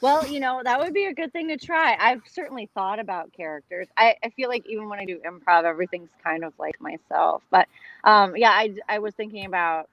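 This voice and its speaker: A woman's voice: medium pitch, fairly quick, a bit bright, no room sound, lo-fi sound. A woman, a comedy and theater performer, chatting casually as a guest, laughing often and filling her talk with "like". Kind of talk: casual chat over a video call.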